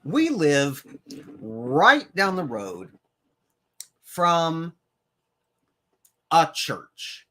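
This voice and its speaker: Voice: medium pitch, wildly swooping pitch, extremely slow, long pauses, a bit bright. A co-host telling a story in casual chat, wry and profane.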